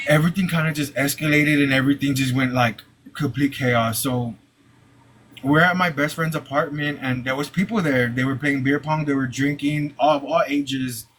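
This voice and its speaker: A young man telling a personal story live, halting, with many "like"s and repeated restarts. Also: mid-range voice, fairly even intonation, a bit bright, slight background noise, poor audio.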